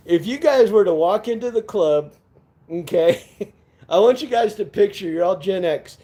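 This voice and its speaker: Male streamer, loose and profane, rambles and laughs a lot; somewhat high but dark, warm tone. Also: lively intonation, moderate pace. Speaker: live-stream vlogger. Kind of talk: casual live-stream chat.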